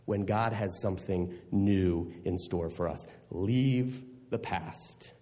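Animated preacher man in an echoing hall. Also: deep voice, takes it slowly. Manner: animated, laughing asides, swings between loud and hushed. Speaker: pastor. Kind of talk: sermon.

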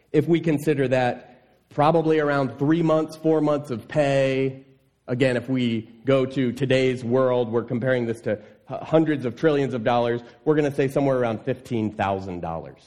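A man preaching a sermon, reading scripture and acting out indignant voices. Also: normal speed. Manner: animated, voices indignant listeners with rising pitch. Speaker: pastor.

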